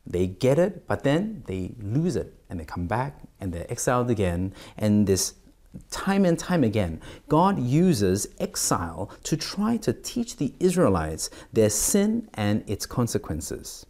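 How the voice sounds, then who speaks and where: A man's voice: mid-range voice, sing-song, measured pace, darkish tone. A middle-aged man as pastor, giving a devotional sermon and reading scripture aloud, with many fillers and restarts.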